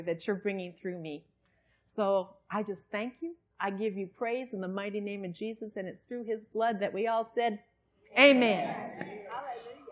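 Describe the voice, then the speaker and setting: A middle-aged woman, preaching a sermon in a church and telling a personal story in an earnest, conversational way. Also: medium pitch.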